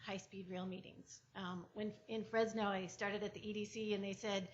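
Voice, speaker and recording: A woman's voice: medium pitch, a little hiss or hum. Older woman, from central california, public comment, earnest, emotional, muffled meeting recording. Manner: earnest, emotional, self-correcting. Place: public hearing room.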